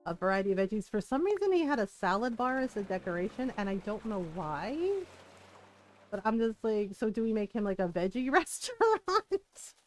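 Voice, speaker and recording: A woman's voice: mid-range voice, very animated, normal speed, soft background music. A woman streamer chatting casually while playing a video game, telling stories animatedly and swearing freely.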